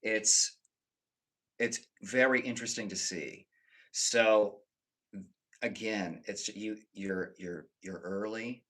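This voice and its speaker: On a live stream, a man talks casually with his viewers, rambling, swearing freely and restarting sentences. He alternates emphatic bursts with low muttered asides, yet keeps a steady tone, speaks slowly with frequent pauses, and sounds bright and forceful.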